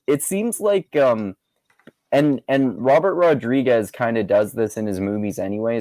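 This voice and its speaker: A man hosting a casual movie chat, relaxed and chuckling, with many fillers. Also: lowish voice, no echo, poor audio. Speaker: podcast host.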